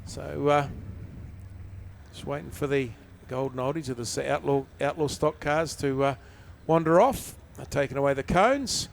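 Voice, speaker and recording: A man's voice: medium pitch, normal speed, gravelly. New speedway commentator, man. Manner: chatty, folksy, calls the action. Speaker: race commentator. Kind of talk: live motorsport commentary. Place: outdoor speedway. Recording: loud engine noise outdoors.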